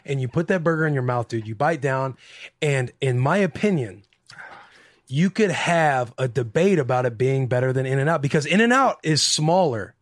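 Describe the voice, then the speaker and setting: A man co-hosting a casual chat, describing things with drawn-out enthusiasm and slang. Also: medium pitch, animated, no echo, clean studio sound. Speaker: podcast co-host.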